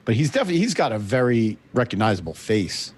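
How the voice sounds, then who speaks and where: A man guesting on a film podcast, talking in a relaxed, conversational way. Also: medium pitch, fast, husky. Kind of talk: casual film-review chat.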